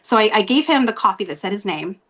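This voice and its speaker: A woman's voice: medium pitch, animated, quick pace. A woman telling a story on a podcast as guest host, rambling with many fillers and frequent laughs.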